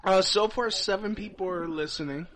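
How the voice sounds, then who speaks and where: A man's voice: sits high, moderate pace, a crowd in the background. A man hosting a podcast, profane and brash, rambling through crude comedic banter. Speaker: podcast host. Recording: noisy podcast recording.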